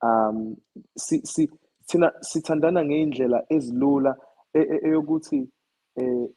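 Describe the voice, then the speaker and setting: Husky-voiced South African musician. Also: male voice, a little high, moderate pace, mellow, poor audio. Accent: South African, Zulu. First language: Zulu. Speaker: musician guest. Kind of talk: casual interview talk.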